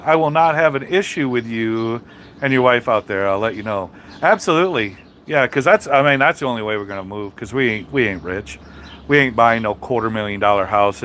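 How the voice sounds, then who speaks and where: A man's voice: mid-range voice, a bit bright, a little hiss or hum. A man chatting casually on a livestream, answering his chat in a rambling, blunt and heavily profane way, with frequent restarts. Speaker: trucker streamer reading chat.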